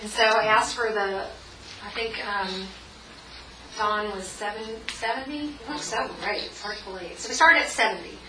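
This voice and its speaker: A woman's voice: medium pitch, moderate pace. A woman in her forties leading a guided group tapping session, chatty and encouraging, with many fillers. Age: 40s. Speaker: workshop leader. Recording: echoey room, mic far off, faint noise.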